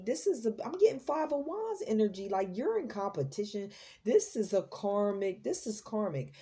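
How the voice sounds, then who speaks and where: A woman's voice: mid-range voice, warm tone. A woman hosting a tarot reading, talking in a chatty, slangy way and exclaiming as she reads the cards. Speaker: psychic tarot reader, host.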